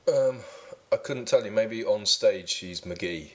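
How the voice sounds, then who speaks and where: A man's voice: on the low side, slow pace. A man hosting a comedy podcast, chatting with dry, teasing humor. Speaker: podcast host. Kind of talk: joking casual chat.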